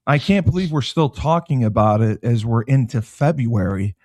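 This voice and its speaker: A man hosting a talk show, steering the chat and recapping the news in a steady reading tone. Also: medium pitch, moderate pace, no echo. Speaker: show host.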